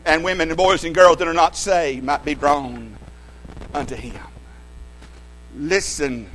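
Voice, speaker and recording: A male preacher delivering a sermon with a fairly high-pitched voice. He talks emphatically, rising to loud declarations and dropping to hushed tones, and he often repeats words as he restarts a phrase. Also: rough recording.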